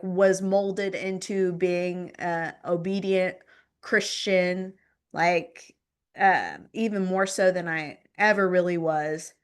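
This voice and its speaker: A woman's voice: lowish voice, a bit bright, smooth. Woman recounting her story, rambling. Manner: rambling, filler-heavy speech with frequent "like" and "um"; repeats phrases for emphasis. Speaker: podcast guest. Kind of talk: personal storytelling in conversation.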